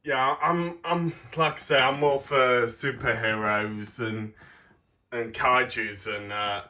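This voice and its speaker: A man's voice: mid-range voice, steady tone, takes it slowly, bright, forceful tone. A young man giving a casual review of a toy set, rambling and hesitant with many ums.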